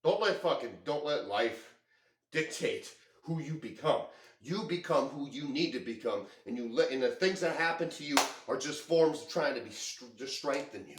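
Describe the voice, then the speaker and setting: A man's voice: on the high side, animated, moderate pace, slight background noise. A man venting in an intense, profane monologue, leaning heavily on filler words. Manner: heavy use of filler words. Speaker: vlogger. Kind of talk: emotional monologue. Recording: echoey room.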